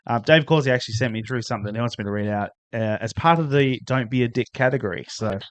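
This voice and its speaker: A man hosting a podcast in casual chat, laid-back and quick to laugh along. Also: medium pitch, dry recording. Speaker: podcast host.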